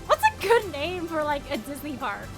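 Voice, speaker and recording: A woman's voice: sits high, very animated, normal speed. A woman streaming a game, chatting playfully with giggles and mock announcer voices. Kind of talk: casual game commentary. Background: game music.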